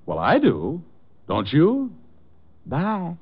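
A man's voice: on the high side, wildly swooping pitch, drawn-out words, husky, heavily acted. An actor playing a wisecracking male private detective, who also narrates, in 1940s radio acting. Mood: wry. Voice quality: wry, wisecracking. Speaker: narrator and lead. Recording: dull old 1940s radio recording.

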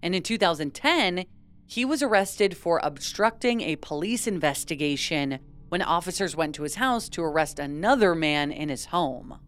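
Lowish-voiced chatty young woman. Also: lively intonation, moderate pace. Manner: chatty, laughs often, uses "like" a lot. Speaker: podcast co-host. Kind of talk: casual true-crime podcast chat.

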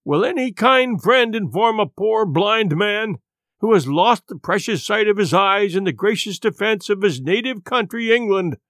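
A man's voice: high-pitched, fairly bright tone, dry recording, studio quality, voice pushed up, exaggerated voice. A man voicing a cruel, blind old beggar who speaks in a wheedling sing-song that turns cold and menacing.

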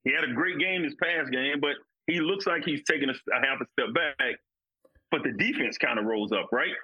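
A man's voice: medium pitch, normal speed, breathy edge, dull audio. A man co-hosting a casual sports podcast, talking emphatically and repeating his points. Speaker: podcast co-host, former football player.

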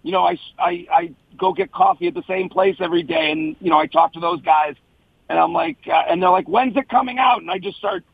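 A man's voice: high voice, lively intonation, fairly quick, creaky, husky, no echo, narrow, tinny audio. A male comedian guest in casual chat, talking in an earnest, emotional, rambling way.

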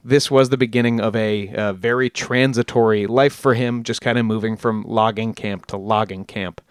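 A man's voice: lowish voice, steady tone, moderate pace, clean tone, no room sound, clean studio sound. A man hosting a podcast, telling a story in a casual, rambling way with jokey asides and frequent self-corrections. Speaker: podcast host.

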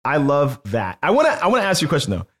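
Animated, playful young man co-host. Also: a little high, rapid-fire, slightly rough. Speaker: podcast co-host. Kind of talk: casual chat.

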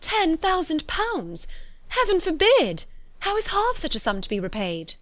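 Woman reading as a quick-witted young lady, all urgent exclamations, mid-pitched voice, very dry sound. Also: wildly swooping pitch, a bit bright, dry recording. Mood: anxious, urgent. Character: flustered eager young woman, sharp-witted. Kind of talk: audiobook reading of a classic novel.

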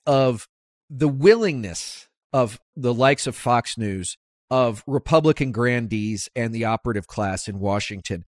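A man hosting a political talk podcast, speaking emphatically and climbing in pitch as he drives his points home. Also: no echo, clean studio sound. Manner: animated, emphatic, rises sharply when making points. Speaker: podcast host. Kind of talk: conversational political interview.

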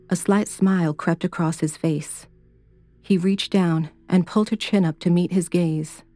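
A woman narrating a horror story in a steady, even-toned reading. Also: fairly low pitch, measured pace, dry recording, faint music behind.

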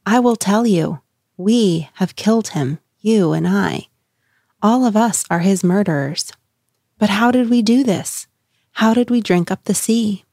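A woman's voice: mid-range voice, measured pace, mellow, no echo, studio quality. A woman reading the lines of an anguished man crying out to a crowd, in an impassioned, questioning manner. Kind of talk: dramatic reading.

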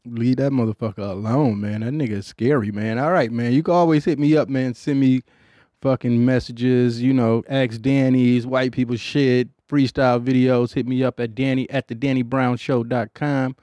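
A man's voice: mid-range voice, steady tone, moderate pace, dark tone, no room sound. A middle-aged man hosting a podcast, telling stories in a rambling, profane, laid-back way with a Detroit accent. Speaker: podcast host. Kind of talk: casual storytelling chat.

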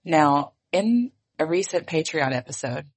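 A woman co-hosting a casual podcast, hoarse and raspy from losing her voice, chatty and laughing often. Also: deep voice, expressive, a little slow. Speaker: podcast co-host. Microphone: remote recording.

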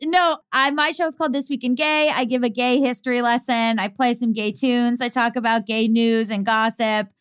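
A woman co-hosting a podcast in casual chat, playful and quick with jokes. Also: a little high, fairly even intonation, clear, resonant tone, dry recording, studio quality. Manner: playful, quick-witted, jokey. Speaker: podcast co-host.

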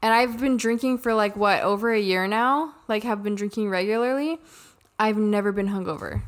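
A woman from Arizona, co-hosting a podcast, chatting casually, laughing often and chiming in with quick asides. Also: mid-range voice. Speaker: podcast co-host. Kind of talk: casual chat.

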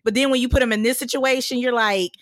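A woman's voice: on the high side, fairly even intonation, fast, dry recording, clean studio sound. A woman co-hosting a podcast, casually musing about a TV show's characters and agreeing with her co-host. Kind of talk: casual TV recap chat.

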